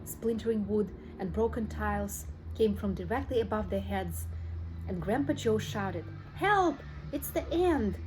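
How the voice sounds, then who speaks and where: A woman's voice: medium pitch, darkish tone, a little hiss or hum, rough recording. Woman reading a children's book aloud. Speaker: audiobook reader. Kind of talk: storybook narration.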